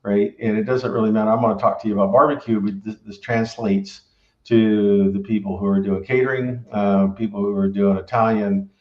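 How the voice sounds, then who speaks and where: This barbecue restaurant owner and pitmaster rambles through casual, filler-heavy advice, constantly ending lines with "right?". He speaks briskly in a lowish voice with fairly even intonation, captured in roomy, dull lo-fi audio.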